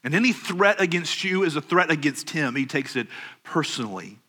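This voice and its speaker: A man preaching a sermon, earnest and measured, slowing down on key phrases and rising into urgent questions. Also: on the high side, expressive, sharp tone, slightly rough. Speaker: pastor.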